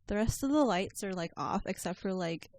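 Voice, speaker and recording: A young woman co-hosting a podcast, chatting casually with friends. She tells her stories in an animated way and laughs often. Her voice sits at a middling pitch. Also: normal speed. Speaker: podcast co-host. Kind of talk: casual chat.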